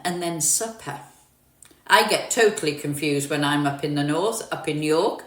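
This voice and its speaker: A woman's voice: medium pitch, animated, normal speed, a bit bright, roomy sound, far from the mic. Chatty London woman on a livestream. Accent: southern English, mixed with northern. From London, England. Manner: chatty, reads out and answers viewer comments, laughs often. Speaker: livestream host. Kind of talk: casual livestream chat. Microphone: phone.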